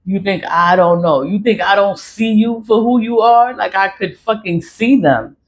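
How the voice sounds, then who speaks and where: A woman's voice: medium pitch, normal speed, a little hiss or hum, poor audio. A woman talking straight to camera about her spiritual cleansing practice, blunt and swearing, laughing between her points. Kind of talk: casual monologue to camera.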